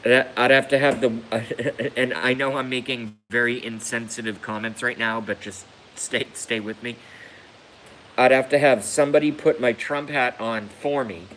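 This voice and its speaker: Speaking at a moderate pace in a steady, mid-range, fairly bright voice, an injured man rambles through a phone live stream. He's crude and mocks himself, cracking up at his own jokes though it pains him to laugh. The recording is rough, with slight background noise.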